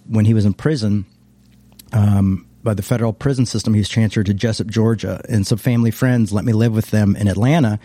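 A man's voice: lowish voice, warm tone, no echo. A man, a former pastor, reflectively telling his life story in a casual interview, meandering and often restarting his sentences.

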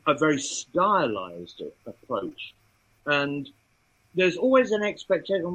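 A man speaking about the show's creative approach, halting with frequent ums. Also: fairly high pitch, fairly bright tone, husky, no room sound, highs cut off. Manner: hesitant, many ums. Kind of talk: casual interview.

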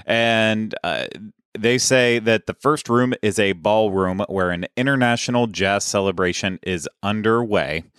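A man co-hosting a podcast in casual chat, relaying news details in a relaxed way. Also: on the low side, unhurried, clear, resonant tone, no echo, clean studio sound. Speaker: podcast co-host.

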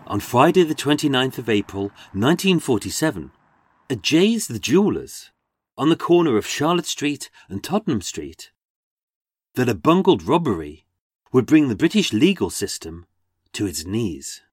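A man with a Birmingham accent narrating a true-crime walking tour as its host, sardonic and sweary, with dramatic pauses. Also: mid-range voice, big pitch swings, husky. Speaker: podcast host and tour guide.

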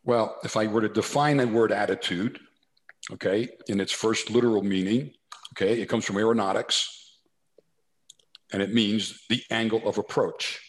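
A man's voice: lowish voice, fairly even intonation, normal speed. A man from New Jersey, a corporate consultant, telling anecdotes as a guest in a casual interview, with lots of asides and restarts. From New Jersey, USA. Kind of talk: storytelling interview.

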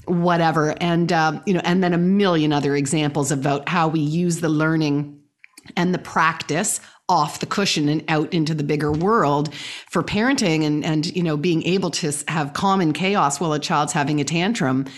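A woman host with a slightly low voice, talking earnestly and with feeling. She often starts over mid-phrase as she builds her point. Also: moderate pace. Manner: earnest and animated, with frequent restarts. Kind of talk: casual conversation.

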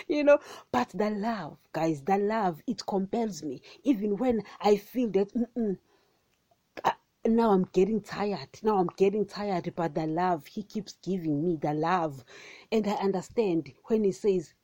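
A woman giving a casual, animated sermon on a podcast, often calling her listeners guys and repeating phrases for emphasis. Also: mid-range voice, normal speed, dry recording, dull audio. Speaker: podcast preacher.

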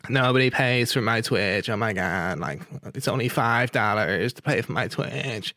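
A man's voice: mid-range voice, normal speed, sharp tone, no echo, studio quality. A man mimicking a whiny young female streamer who complains that nobody pays for her channel.

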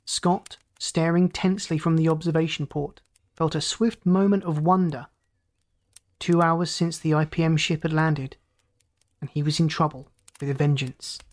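This audiobook narrator, a man, reads science fiction in a calm, even delivery, lifting his voice higher whenever characters speak.

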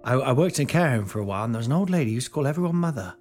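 Brief: man, forties, comedian host, giggly rambling monologue, animated swoops in pitch. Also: very fast, soft background music. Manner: self-mocking, giggly, lively swings in pitch.

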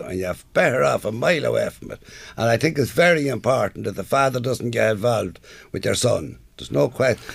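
A man's voice: medium pitch, gravelly, dry recording. A man, a former footballer and guest telling earnest, plain-spoken stories in an interview. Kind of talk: interview storytelling.

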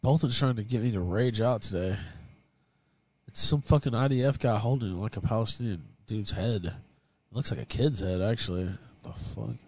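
A man with a fairly low, slightly mellow voice talks at a moderate pace with no echo. He hosts a casual livestream, laughing, cursing freely, and offering strong opinions as he reacts to chat and videos.

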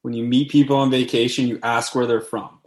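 A man's voice: medium pitch, level tone, brisk. A young man from Canada, co-hosting a casual podcast and telling a rambling story with lots of fillers. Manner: laid-back, rambling with many fillers. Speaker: podcast co-host.

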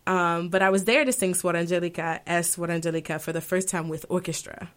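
Speaking a little fast in a lowish voice, a female opera singer shares stories during an interview. Her conversational storytelling is emotional and lively, punctuated by laughter.

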